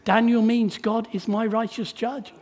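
A man preaching a sermon in church, asking the congregation rhetorical tag questions and shifting between hushed and emphatic delivery. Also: extremely high pitch, level tone, measured pace.

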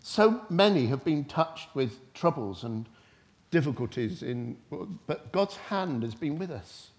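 A man preaching a sermon without notes, retelling scripture in his own words and swinging between loud emphatic bursts and soft quiet passages. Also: fairly high pitch, lively intonation, measured pace. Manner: impassioned, rising to loud emphatic bursts then dropping soft.

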